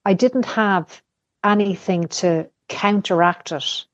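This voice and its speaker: A woman's voice: medium pitch, slow pace, no echo. A middle-aged woman, a podcast guest, talking candidly in casual conversation, telling personal stories and swearing freely. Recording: dull lo-fi podcast audio.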